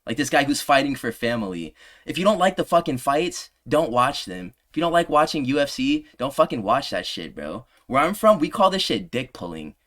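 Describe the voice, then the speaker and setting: A man in his twenties ranting heatedly in a commentary video, combative and heavy on profanity, his voice sinking low on trailing asides. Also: very animated, a little fast, fairly bright tone. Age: 20s. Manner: drops pitch on trailing "bro". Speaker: MMA commentary creator.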